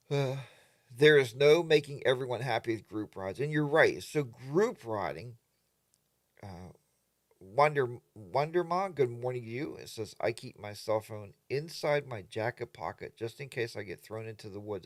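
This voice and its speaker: Brief: older male livestream host, chatty and animated, dry close sound. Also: mid-range voice, unhurried, dry recording. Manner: animated, mimics other riders in exaggerated voices. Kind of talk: casual live chat reading viewer comments.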